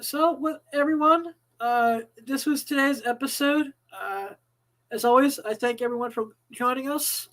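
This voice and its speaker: A woman's voice: sits high, a little slow, a bit bright, poor audio. A woman co-hosting a casual live talk show, chatty, restarting sentences, swearing freely.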